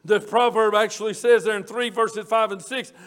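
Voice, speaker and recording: A man's voice: high-pitched, fairly even intonation, normal speed, fairly bright tone. A male preacher giving a fervent midweek sermon, often rising into hollering and repeating phrases for emphasis.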